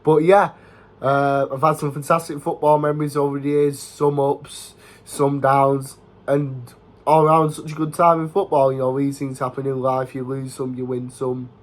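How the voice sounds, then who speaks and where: A young man, recording a casual vlog in a level, fairly monotone voice. He rambles on in an easy, chatty way and fills his sentences with "you know" and "obviously". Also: mid-range voice, normal speed. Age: young adult. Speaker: football vlogger. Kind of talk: casual talking-head vlog.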